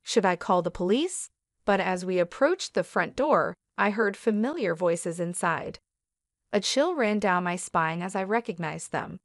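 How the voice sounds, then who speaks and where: A woman narrating a dramatic first-person story in an even, measured way. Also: on the low side, dry recording, studio quality.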